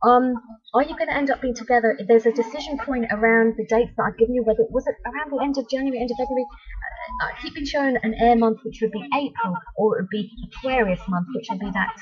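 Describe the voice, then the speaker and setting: A woman psychic chatting on a live web stream, reading viewers' messages aloud and giving tarot readings with frequent ums. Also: fairly high pitch. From United Kingdom. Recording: dull lo-fi web stream audio.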